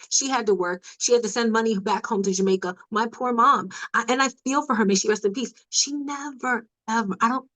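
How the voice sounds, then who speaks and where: A woman speaking as a podcast guest, earnest and reflective, growing animated at times in candid conversation. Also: mid-range voice, poor audio.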